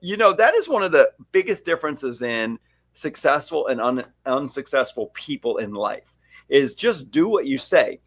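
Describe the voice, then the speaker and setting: A man's voice: medium pitch, normal speed, dry recording. A man who owns a salon, talking in a casual, emphatic podcast chat with a stylist colleague. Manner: animated, emphatic storyteller. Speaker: salon owner and stylist educator.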